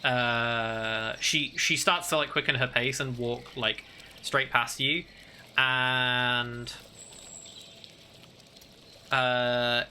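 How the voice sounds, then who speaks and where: A man narrating as game master in a tabletop game, halting and full of fillers. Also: medium pitch, little pitch movement, bright, forceful tone, slight background noise.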